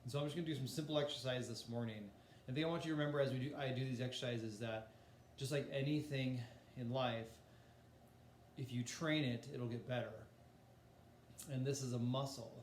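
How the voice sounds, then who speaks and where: A music teacher with a steady, medium-pitched voice gives a voice lesson, explaining things casually at a fairly quick pace with frequent pauses while demonstrating breathing and singing exercises. The sound is roomy, with slight background noise.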